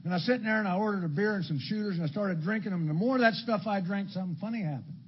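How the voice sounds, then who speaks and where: A man's voice: high voice, rapid-fire. Older man telling a blunt recovery story. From Illinois, US. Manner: blunt storytelling with dark humor and crude slang. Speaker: AA speaker. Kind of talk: recovery meeting share. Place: meeting hall before an audience. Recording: dull lo-fi talk recording with faint background noise.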